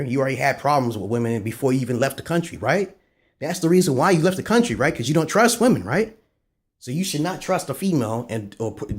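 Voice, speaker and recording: Husky, swearing man ranting on a vlog. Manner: heavy swearing, repeated "right?" and "okay?" asides; agitated, pitch jumping up when worked up. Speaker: vlogger giving dating advice. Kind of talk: rambling profane monologue to camera.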